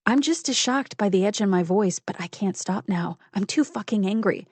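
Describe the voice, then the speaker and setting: A woman's voice: medium pitch, lively intonation, normal speed, hardly any pauses, darkish tone, breathy edge, dry recording. A woman narrating a first-person psychological thriller audiobook with intense, building fury.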